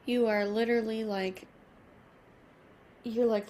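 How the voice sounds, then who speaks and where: Female tarot reader, gentle and emotional, comforting tone, slight background noise. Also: medium pitch, fairly even intonation. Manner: soft, emotional, reassuring, slow at card pulls. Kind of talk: intimate tarot reading to camera.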